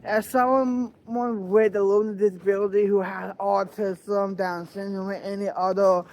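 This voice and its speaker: A man talking in a personal reflective vlog, halting and earnest, searching for his words. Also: high voice, little pitch movement, a little mellow. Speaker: vlogger.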